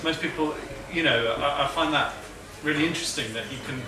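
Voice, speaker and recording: A man's voice: fairly high pitch, a little fast. A man hosting an audience Q&A, making brief, encouraging remarks to the guest. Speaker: event host. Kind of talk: moderating Q&A. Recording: very echoey room, distant mic, noise.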